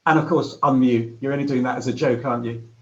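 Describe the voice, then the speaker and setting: A male panel chair who speaks haltingly, with lots of ums. The sound is slightly muffled and lo-fi. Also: medium pitch, fairly even intonation. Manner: hesitant, many ums and restarts. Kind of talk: hosting an online panel.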